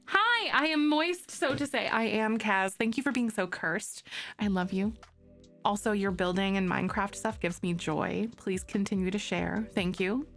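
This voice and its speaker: A young woman streaming live, chatting casually with her viewers, greeting them by name and squealing when something excites her. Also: medium pitch, measured pace, soft background music. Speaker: Twitch streamer. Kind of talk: casual live-stream chat while playing a game.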